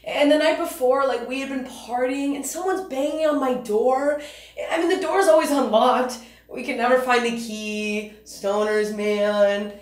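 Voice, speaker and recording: A woman's voice: sits high, a little slow, echoey room. A young woman acting in a stage monologue, playing a laid-back stoner who rambles and swears. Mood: rambling. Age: young adult. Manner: rambling, loose and profane. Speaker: student actor.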